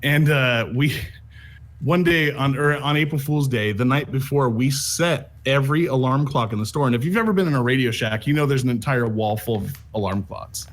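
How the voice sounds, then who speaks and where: A man's voice: mid-range voice, normal speed. A man telling a long story in casual chat, rambling with many restarts. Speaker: streamer telling stories. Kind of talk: casual chat while gaming.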